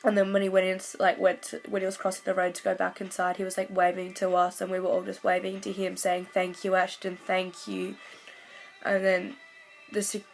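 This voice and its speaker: A woman's voice: medium pitch, completely flat delivery, creaky, soft background music, poor audio. A woman, telling a fan story in casual vlog chat, gushing along with lots of "like" fillers. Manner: gushing, fast-flowing recount full of "like" fillers. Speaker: vlogger.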